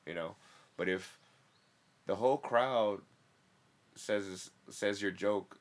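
Low-voiced man, slangy and loose. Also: slow pace. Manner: loose, slangy, swearing, lots of fillers. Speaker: stand-up comedian. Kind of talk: casual chat.

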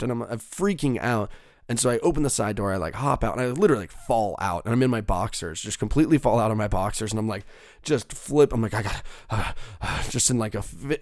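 A man's voice: fairly low pitch, darkish tone, dry recording, studio quality. A young man telling a rambling, profane story in a casual monologue, full of fillers and restarts.

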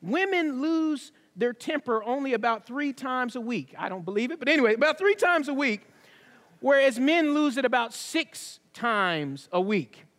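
A man's voice: very high-pitched, lively intonation, normal speed, fairly bright tone, in a large hall. A man preaching a sermon to a congregation, conversational and folksy, with asides and laughs. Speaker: pastor. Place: church sanctuary.

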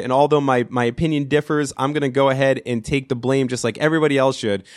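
In a studio-quality recording without room sound, a podcast host from New York rants profanely on his own in a mid-range voice. He swears nonstop and keeps rambling and starting over.

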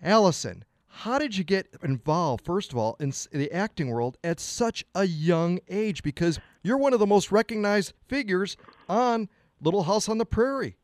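Host, man, enthusiastic interviewer, higher voice, close and dry. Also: lively intonation, moderate pace, no echo. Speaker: radio show host. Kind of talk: radio interview.

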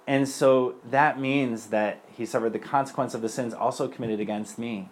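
A man's voice: mid-range voice, steady tone, normal speed. A young man speaking as a priest, giving an earnest personal testimony in a loose conversational way. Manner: earnest and conversational, many fillers.

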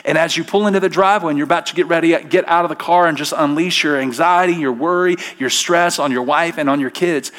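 A man's voice: a little high, fast talker, fairly bright tone. A middle-aged male pastor preaching a sermon from a church stage, emphatic and full of rhetorical questions.

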